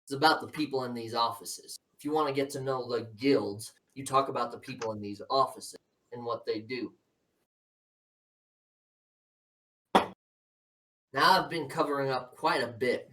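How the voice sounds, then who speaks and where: A man voices a cold, scheming older politician father who lectures his son with quiet menace and talks down to him at every turn. The voice sits at an ordinary middle pitch and comes from a little distance off the microphone. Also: fairly quick, a little hiss or hum, close to an everyday voice. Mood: scolding.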